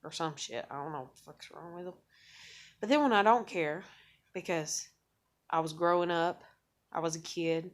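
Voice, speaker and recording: A woman's voice: on the low side, normal speed, long pauses. A woman ranting profanely in a casual venting monologue.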